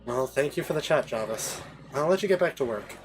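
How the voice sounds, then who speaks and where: A regal dragon queen, weary and dryly amused, speaking with an accent of no clear origin, as a man puts her on. Her pitch rises and falls freely, and faint game music plays underneath. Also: lively intonation, brisk, natural voice. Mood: thoughtful. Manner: with a put-on accent.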